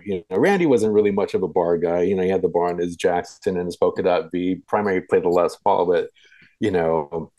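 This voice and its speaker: A man's voice: low-pitched, mellow, no room sound, rough recording. A man talking casually in an interview, recalling an old concert with many fillers and restarts. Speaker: guest.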